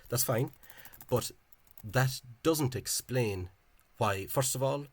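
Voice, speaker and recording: A man's voice: mid-range voice, takes it slowly, no room sound. A man giving an informal, digressive explanation in a video, thinking aloud in a scholarly way. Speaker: Irish-language spelling enthusiast.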